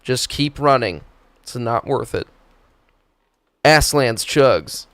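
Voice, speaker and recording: A man's voice: mid-range voice, expressive, slow, a bit bright. A man hosting a live stream, chatting casually and swearing often as he reacts to clips. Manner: profane, laid-back, laughing. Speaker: streamer host.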